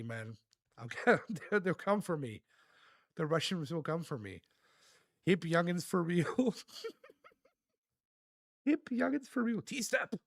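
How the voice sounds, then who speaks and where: Male streamer, mid-pitch, chatty and grateful, reading chat aloud, dry room. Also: gravelly, a bit bright, no echo. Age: adult. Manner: reads chat aloud, laughs often, thanks viewers. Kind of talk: casual live-stream chat.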